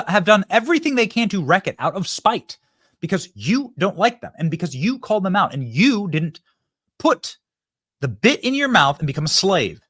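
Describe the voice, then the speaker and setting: A man's voice: high-pitched, a bit bright, dry recording, clean studio sound. A man hosting a political commentary show, talking to viewers in an emphatic, fired-up monologue that often repeats itself. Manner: emphatic, repeats himself, addresses viewers directly.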